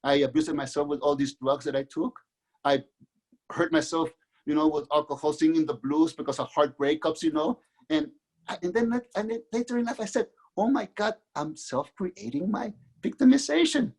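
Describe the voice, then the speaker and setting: A middle-aged man from Mexico, a guest author, telling his own life story in an earnest, halting way with many restarts. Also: on the high side, darkish tone. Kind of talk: candid personal storytelling.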